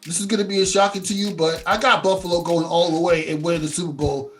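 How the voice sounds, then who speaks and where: A man's voice: sits high, fairly even intonation, fast, music in the background. A man hosting a casual sports podcast, hyped and steering the talk with questions. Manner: hyped, asks questions, leads the segments. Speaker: podcast host.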